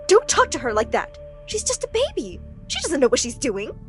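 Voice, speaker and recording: A woman's voice: high-pitched, huge pitch swings, normal speed, soft background music. A woman voicing a wealthy adoptive mother who gushes over her favorite and scolds the other child curtly. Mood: scolding. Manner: gushing to one child, curt and scolding to the other. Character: doting, dismissive adoptive mother.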